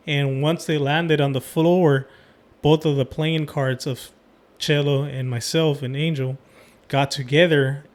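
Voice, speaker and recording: A man hosting a podcast, telling a personal story in a rambling casual way with many fillers. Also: a little high. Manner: rambling, full of "um" and "like". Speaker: podcast host.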